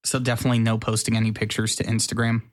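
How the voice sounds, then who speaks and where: A man co-hosting a podcast in casual chat, relaxed and teasing. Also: lowish voice, very fast. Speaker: podcast co-host.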